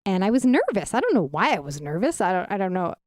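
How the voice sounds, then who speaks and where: Chatty, enthusiastic woman guest, mid pitch, dry close studio mic. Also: big pitch swings, fast, a little mellow, no room sound. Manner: enthusiastic, chatty, often trails into restarts. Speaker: radio guest and fellow host. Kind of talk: casual radio chat. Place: radio studio. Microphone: studio microphone.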